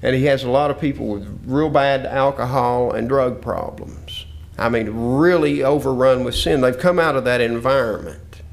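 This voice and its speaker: A man with a drawl delivers a sermon lesson in a voice of ordinary middle pitch. He quotes scripture earnestly and circles back to repeat his points. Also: normal speed, creaky, slight background noise. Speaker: preacher.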